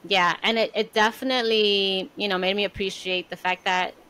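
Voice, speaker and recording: A woman co-hosting a podcast, talking in a reflective, casual way with many pauses and fillers. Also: mid-range voice, steady tone, bright, forceful tone, clean tone, low-quality recording. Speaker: podcast co-host. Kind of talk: casual conversation.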